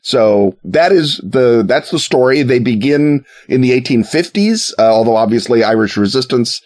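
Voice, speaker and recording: A man telling a history story in a casual, wry way, with joking asides and quick put-on voices for quoted people. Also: mid-range voice, animated, a little mellow.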